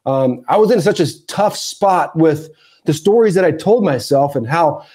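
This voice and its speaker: A man in his forties tells a story on a podcast, his voice sitting high for a man. He's animated, rising and dropping a lot and acting out the shouts and asides he quotes. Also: a little slow, breathy edge. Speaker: podcast guest, former ballplayer. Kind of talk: storytelling interview.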